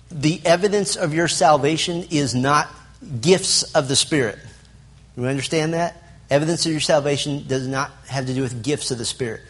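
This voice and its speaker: Husky guy leading a bible class, quizzing the room, punchy lists. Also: mid-range voice. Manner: asks the audience questions, emphatic lists. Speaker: Bible teacher. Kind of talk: interactive Bible lesson.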